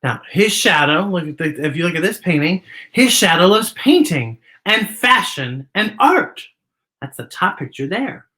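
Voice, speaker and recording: A woman's voice: lowish voice, sing-song, unhurried, sharp tone. A woman hosting a children's story time, reading a picture book aloud and talking directly to young viewers at home.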